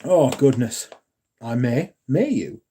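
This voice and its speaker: A man's voice: medium pitch, big pitch swings, slow pace, background noise. An English man hosting a casual livestream, rambling and correcting himself, swearing and joking as he answers chat. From England. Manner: rambling, self-correcting, jokey and profane. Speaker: livestream host.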